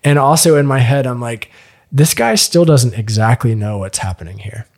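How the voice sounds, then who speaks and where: Animated storytelling man. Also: mid-range voice, moderate pace. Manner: animated, acts out quoted voices, swears freely. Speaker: podcast host telling a story. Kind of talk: casual storytelling.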